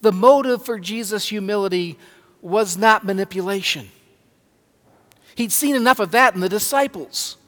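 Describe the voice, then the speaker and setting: A man preaching a sermon as pastor, slow and emphatic, stressing words with pauses. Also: sits high, a bit bright. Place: church sanctuary. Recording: long hall reverb.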